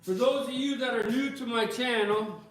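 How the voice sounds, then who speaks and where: A man's voice: very high-pitched, moderate pace, noisy background. Profane ranting man on a livestream. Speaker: livestreaming woodworker. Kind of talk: casual livestream rant while working. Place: home workshop.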